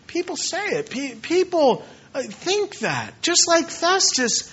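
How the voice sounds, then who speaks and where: A man preaching a sermon with passion, now and then mimicking doubters in quick asides. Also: very high-pitched, very animated, pushed and bright, muffled recording.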